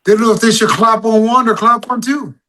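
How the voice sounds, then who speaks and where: A man's voice: very high-pitched, brisk. A man, a singer-songwriter guest, telling stories casually in an interview and acting out his own stage calls. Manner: animated storyteller, acts out crowd calls.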